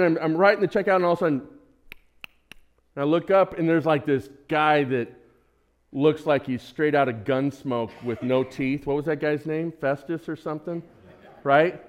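A man's voice: a little high, normal speed. A man in his sixties preaching a sermon, telling a personal story and acting out his own prayers and conversations. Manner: animated, acts out his own prayers and dialogue.

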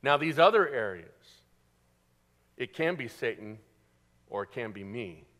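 A male pastor preaching a sermon, animated, asking the congregation questions and answering them himself. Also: medium pitch, a little slow.

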